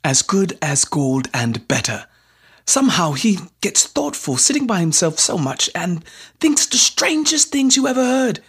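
Gentle emotional dad, woman reading him, kinda husky and low. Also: very animated, measured pace, exaggerated voice. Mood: tender.

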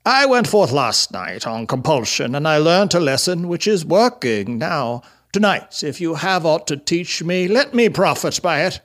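A man's voice: fairly high pitch, big pitch swings, a little slow, hardly any pauses, fairly bright tone. A man voicing a stern old miser who has become humble and earnest.

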